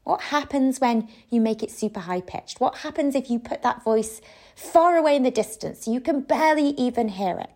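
A woman's voice: a little high, darkish tone. A woman podcast host and coach giving conversational advice, with frequent "you know" and "sort of" fillers.

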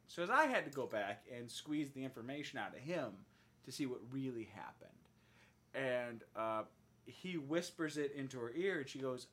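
A man hosting a podcast in casual chat, animatedly retelling a show and acting out its lines. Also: fairly quick. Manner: animated storytelling, acts out lines with big pitch jumps. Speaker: podcast host.

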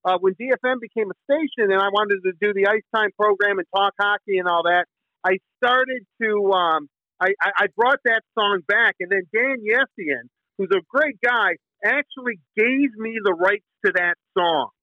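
A man's voice: sits high, normal speed, dry recording. A middle-aged man from Michigan, a sports radio host telling a rambling story with many fillers and restarts. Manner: bursts into singing the team song. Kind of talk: casual interview storytelling. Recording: tinny phone line.

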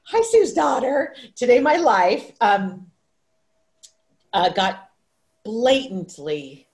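A woman in her fifties hosts a livestream on a video call, her voice fairly high, sing-song, slow, and somewhat dark in tone. She tells a personal story emotionally and ramblingly, with frequent restarts and asides, picked up by a video call microphone.

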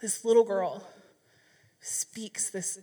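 A woman's voice: mid-range voice, fairly even intonation, slow, warm tone, far from the mic. A woman speaking to a church group, telling a story in a chatty, rambling way with frequent restarts. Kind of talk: casual sermon storytelling.

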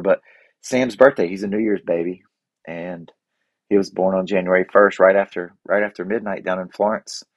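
A man's voice: low voice, darkish tone, no echo. A man in his forties talking in a casual, reflective way about family traditions and gratitude, rambling with fillers and restarts. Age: 40s.

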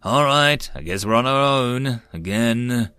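A man's voice: medium pitch, lively intonation, unhurried, bright, forceful tone, clean tone, no echo. A man voicing a tired sergeant who speaks in a resigned tone, in an audiobook. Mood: weary. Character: weary soldier sergeant leading a unit.

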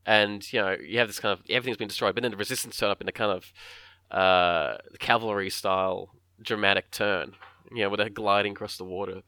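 Animated man with a bright, close sound. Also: fairly low pitch, brisk, clear, resonant tone, dry recording. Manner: animated, acts out film lines in voices. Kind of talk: casual film discussion.

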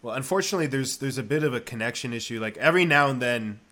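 A man's voice: medium pitch, animated, rapid-fire, sharp tone. A man hosting a casual video-call interview, chatting in a friendly, easygoing way. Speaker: host.

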